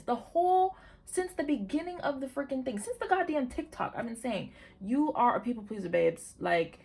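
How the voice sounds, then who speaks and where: Excitable woman giving a chatty tarot reading. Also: mid-range voice. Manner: chatty, excitable, swears casually, exclaims often; addresses viewers directly with pep talk. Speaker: tarot reader. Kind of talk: casual tarot reading to camera.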